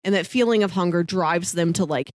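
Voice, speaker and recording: A woman's voice: on the low side, fairly quick, no room sound. A woman co-hosting a casual book-club podcast, retelling a story with enthusiasm. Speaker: podcast co-host.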